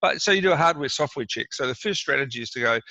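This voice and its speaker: Middle-aged New doctor, gravelly, dry dull call audio, chatty and explanatory. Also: male voice, medium pitch, lively intonation, quick pace, pushed and bright, dry recording. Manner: conversational, repeats words, acts out quoted exchanges. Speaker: doctor giving advice. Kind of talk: casual explanatory interview talk.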